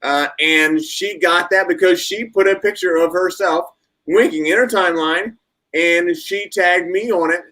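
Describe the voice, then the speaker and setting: A man's voice: high-pitched, unhurried, sharp tone, low-quality recording. Upbeat man hosting a live show. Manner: enthusiastic, brief reactions and audience reminders. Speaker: host.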